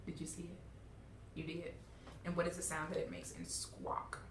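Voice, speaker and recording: A woman's voice: lowish voice, completely flat delivery, moderate pace, noisy background. Woman teacher, roomy classroom, far from mic. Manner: encouraging, checks in with "okay?" and "all right?". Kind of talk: classroom instruction.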